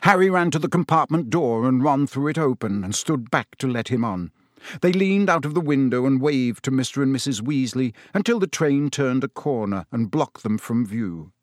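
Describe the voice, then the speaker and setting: A man narrating an audiobook chapter in an expressive storytelling voice. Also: mid-range voice, normal speed, dry recording, clean studio sound.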